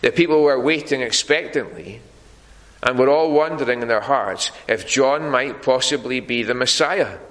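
A man preaching a sermon in a church, earnest and deliberate, pausing often on fillers. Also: mid-range voice, a bit bright, in a large hall, low-quality recording.

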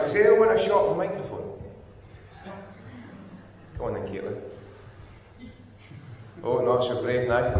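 A man's voice: fairly high pitch, slight background noise. Man coaxing children in an echoey church. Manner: teasing, coaxing questions to children. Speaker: minister giving a children's talk. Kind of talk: playful children's address in church. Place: large church hall. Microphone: wireless handheld mic, heard from far off. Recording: echoey church hall from far off, dull.

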